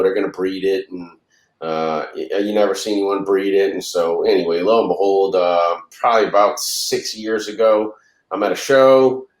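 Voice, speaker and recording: A man and reptile breeder, a guest on the show, telling a rambling, casual story and acting out the dialogue. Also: low-pitched. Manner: rambling, acts out dialogue in anecdotes. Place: lives in Louisiana. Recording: roomy echo.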